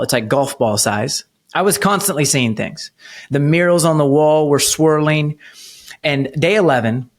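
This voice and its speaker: A man in his thirties, a podcast guest, earnestly telling a personal story of faith, slowing down to stress key moments. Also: medium pitch, a bit bright. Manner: earnest storytelling, slows for emphasis. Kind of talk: personal testimony in an interview.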